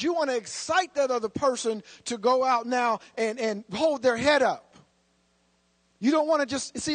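A man with a very high speaking voice preaches a sermon. He shifts between easy, conversational asides and loud, emphatic bursts. The sound is dry and close, with no room echo. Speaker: pastor.

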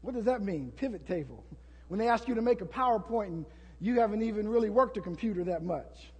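A man preaching a sermon as pastor, building to shouts and acting out prayers to the congregation. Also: high voice, lively intonation, fairly quick, husky, long reverb tail.

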